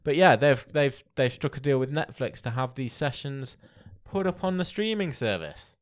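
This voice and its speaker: A man with an animated, mid-range voice talks at normal speed as he co-hosts a casual podcast. He keeps things chatty while reading out entertainment news.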